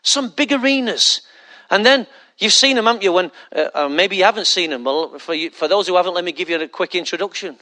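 Bright-voiced pastor preaching. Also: male voice, high voice, expressive, a little fast. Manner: conversational, mocking asides, rhetorical questions. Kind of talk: sermon.

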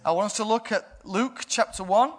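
A man preaching a sermon in a playful way, often laughing and building to loud bursts. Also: high-pitched, moderate pace.

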